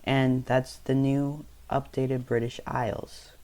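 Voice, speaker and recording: A young man casually narrating over a map, loose and unscripted, with frequent ums and quick self-corrections. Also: medium pitch, little pitch movement, a little mellow. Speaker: map video creator.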